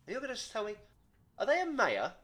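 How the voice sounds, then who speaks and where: A man's voice: very high voice, huge pitch swings, fast talker, bright, forceful tone. A young man, co-hosting a casual comedy chat with lots of swearing and teasing. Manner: swearing, teasing, game-show banter. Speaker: podcast co-host.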